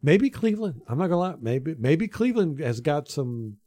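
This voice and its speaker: A man's voice: fairly high pitch, very animated, normal speed, warm tone, dry recording. A man talking football in a loose, joking way, swearing now and then. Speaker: co-host of a football chat. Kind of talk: casual chat.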